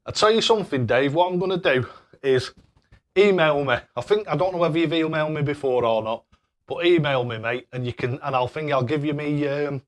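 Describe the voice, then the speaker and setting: Older bloke livestreaming darts, chatty and laughing a lot, keeps fumbling names. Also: male voice, fairly high pitch, a little fast. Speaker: darts livestreamer reading chat. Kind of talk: casual live-stream chat.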